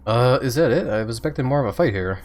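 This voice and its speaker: A man's voice: medium pitch, animated, quick pace, a little mellow, faint music behind. A man giving casual, chatty commentary while streaming a game, thinking aloud and laughing often, with the hiccups. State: has the hiccups.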